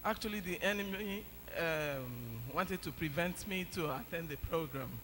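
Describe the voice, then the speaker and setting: High, bright-voiced man testifying in church. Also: unhurried, a little hiss or hum. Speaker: church member giving testimony. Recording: long church reverb, faint ambience.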